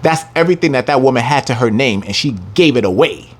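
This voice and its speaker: A man teaching a scripture lesson, reading the verses slowly with heavy emphasis and taunting his listeners in brash, profane language. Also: medium pitch, animated.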